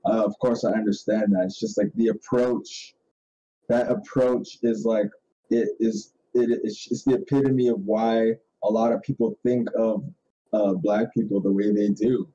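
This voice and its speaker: Dark-voiced man ranting crudely. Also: lowish voice, fairly even intonation, normal speed, muffled recording, slight background noise. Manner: profane, rambling ranting with frequent laughs. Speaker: podcast host. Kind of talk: casual podcast chat.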